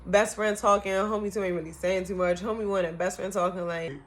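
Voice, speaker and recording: A young woman telling a storytime vlog in a casual, animated way, cussing a lot and acting out what people said. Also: mid-range voice, a little fast. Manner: animated, profane, acts out quotes.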